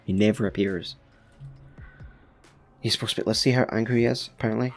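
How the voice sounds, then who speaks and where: A man's voice: lowish voice, steady tone, fairly quick, pauses often, soft background music. A man casually commenting on his gameplay as a gaming YouTuber, chatty and laid-back with playful asides.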